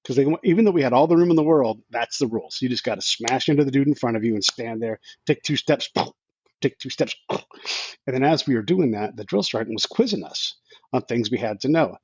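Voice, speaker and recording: Husky, fast-talking man telling a story. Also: medium pitch, expressive, darkish tone, no echo, lo-fi sound. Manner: rambling, with many restarts and quoted asides. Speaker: podcast guest. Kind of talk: casual storytelling.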